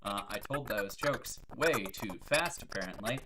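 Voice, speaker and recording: A woman with a very deep voice hosts a live stream in a casual, chatty way, cracking corny jokes and poking fun at herself. Her pitch swings up and down a lot as she talks. Steady background noise runs under her voice throughout. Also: measured pace. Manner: corny joke-telling, self-mocking, chatty.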